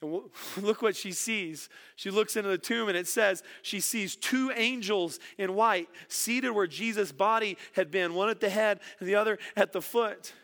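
A man's voice: sits high, normal speed, hardly any pauses, fairly bright tone. A middle-aged man preaching a sermon, earnest and repeating words for emphasis. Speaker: pastor.

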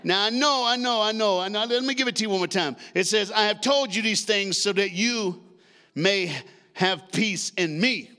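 A man in his sixties preaching a lively sermon, leading the congregation in call-and-response, shouting and half-singing at the peaks and joking in between. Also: high-pitched, moderate pace, smooth. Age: 60s. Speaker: guest preacher.

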